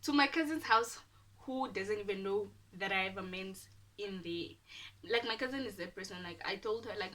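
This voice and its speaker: A young woman tells a personal story in an animated way, dropping into dramatic whispers for asides. Her voice is bright and forceful. The mic sits a little away from her, with faint background noise. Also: medium pitch, unhurried, distant mic. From Namibia. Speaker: YouTuber. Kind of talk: casual storytime.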